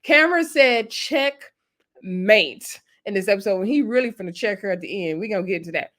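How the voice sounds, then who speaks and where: A woman's voice: mid-range voice, expressive, normal speed, a bit bright. A woman giving a casual, chatty recap of a reality show episode and acting out what people said. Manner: chatty storytelling, acts out quoted lines.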